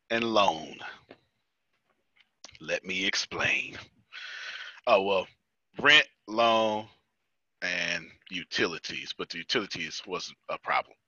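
A man's voice: medium pitch, pushed and bright, no echo, highs cut off. An American man hosting a casual business team meeting, telling stories with jokes and frequent laughter. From United States. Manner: joking, storytelling, laughs often. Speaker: meeting host.

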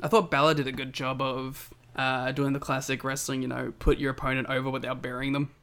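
A man's voice: mid-range voice, level tone, brisk, a bit bright, smooth. A man with an Australian accent co-hosting a casual wrestling podcast, joking and laughing often. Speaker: podcast co-host. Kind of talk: casual chat.

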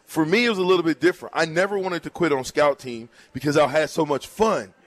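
Higher-voiced host in a dry studio. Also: male voice, quick pace, no room sound. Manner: conversational, relates own experience. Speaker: radio show host. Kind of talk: casual interview.

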